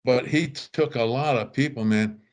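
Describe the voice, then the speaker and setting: An older man, a storyteller guest, tells casual anecdotes at normal speed in a mid-range voice. He's animated, acting out the voices of the people he quotes.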